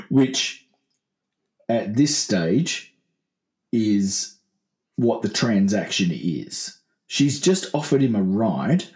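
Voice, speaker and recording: Bantering man with a lively voice. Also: fairly low pitch, roomy sound. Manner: bantering, breaks into quick silly character voices. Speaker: podcast co-host. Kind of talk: comedic casual chat.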